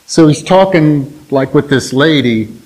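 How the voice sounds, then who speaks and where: A man's voice: a little high, lively intonation, unhurried, darkish tone, rough recording. A man giving an informal Bible teaching to his church in a plainspoken, folksy, conversational way.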